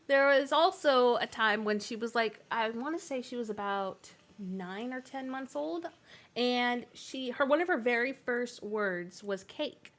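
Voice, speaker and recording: A young woman tells family stories to her stream audience in a relaxed, rambling way. Her voice sits a bit high, and she laughs often and fills pauses with "uh" and "so.". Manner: chatty, laughing often, many fillers. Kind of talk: casual storytelling on a game stream.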